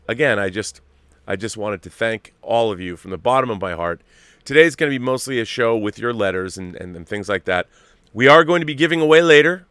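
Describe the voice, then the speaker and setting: A man's voice: medium pitch, a bit bright, smooth, no echo, studio quality. A middle-aged man hosting a live show, chatting in a rambling, self-interrupting way. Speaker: host. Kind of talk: casual live show chat.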